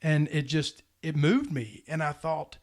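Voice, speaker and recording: A man telling a heartfelt personal story in a casual podcast chat, earnest and animated. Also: fairly high pitch, a little slow. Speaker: podcast host.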